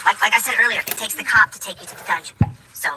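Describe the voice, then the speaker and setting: Fast-talking man ranting. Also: high-pitched, fairly even intonation, background noise. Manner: fast, repetitive, emphatic ranting. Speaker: video commentator. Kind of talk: ranting commentary.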